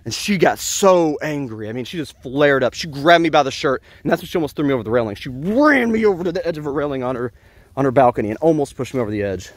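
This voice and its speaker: A man's voice: on the high side, very animated, fast, no room sound. A man telling a personal story in an earnest, rambling way, often restarting his sentences. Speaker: vlogger.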